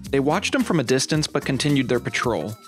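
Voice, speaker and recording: With a mid-range voice and lively intonation, a man moves fairly quickly through an adventure tale from his game playthrough. He hosts and narrates the channel in an upbeat, dramatic storytelling style, with soft music in the background.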